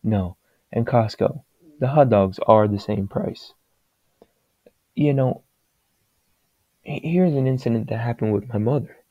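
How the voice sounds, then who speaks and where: A man's voice: mid-range voice, measured pace, pauses often, no echo, dull audio. A man giving his opinions in a casual, rambling monologue that wanders from point to point. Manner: rambling, digressive and plain-spoken.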